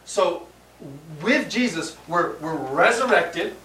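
A man preaching a sermon, halting and repeating words, then rising to emphatic peaks. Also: medium pitch, fairly bright tone. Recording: roomy sound from a distant mic with faint background hum.

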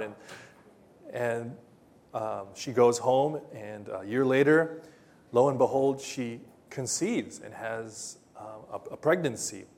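A man preaching a sermon, telling Bible stories in a hesitant way with many pauses and fillers. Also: mid-range voice. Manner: hesitant, many ums and uhs, gentle storytelling. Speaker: pastor.

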